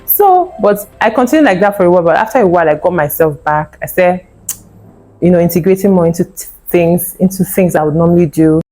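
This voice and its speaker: A woman in her thirties shares her fertility testimony on her vlog in an earnest, emotional retelling full of acted quotes. Her lowish, dark voice is expressive and fairly quick, with faint music in the background and low recording quality.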